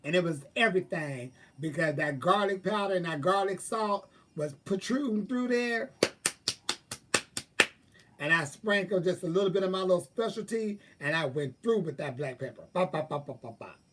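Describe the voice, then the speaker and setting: Brief: man vlogger, higher-pitched, loose profane chatter, mic a bit far off. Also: normal speed, noisy background. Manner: chatty, profane, animated, thinking aloud. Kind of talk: casual rambling monologue.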